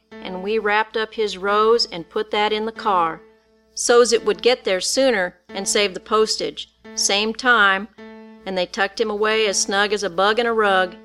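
A woman's voice: mid-range voice, a bit bright. A woman narrating a story in the first person with folksy, rural dialect speech.

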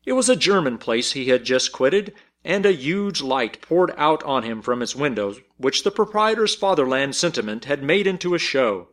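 A man reading a story aloud as narrator, telling it in an expressive, measured way. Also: on the high side.

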